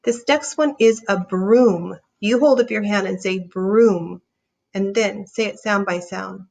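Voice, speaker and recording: A woman teaching a reading lesson, sounding out words slowly and encouraging young readers. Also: mid-range voice, vocal fry, a little mellow. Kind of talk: slow, clear phonics lesson.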